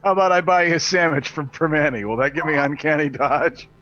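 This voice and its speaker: A man's voice: fairly high pitch, fairly quick, a bit bright, muffled recording, soft background music. A man joking around as a player in a tabletop game. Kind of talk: casual tabletop game chat.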